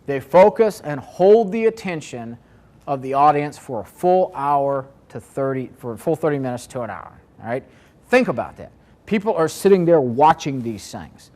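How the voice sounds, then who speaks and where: A man's voice: medium pitch, expressive, moderate pace, a little mellow. A man presenting a marketing seminar to a live audience, talking conversationally and asking the room questions.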